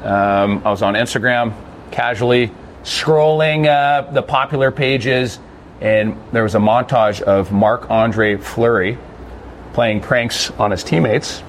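A young man hosting a sports podcast, with a voice of ordinary middle pitch. He keeps things chatty and upbeat, and a faint noise sits under the recording. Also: takes it slowly. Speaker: podcast host. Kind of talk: casual hosted sports podcast.

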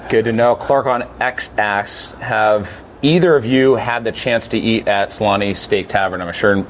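A man hosting a podcast, breezy and upbeat, steering a casual chat with quick questions. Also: lowish voice, a little hiss or hum. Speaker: podcast host.

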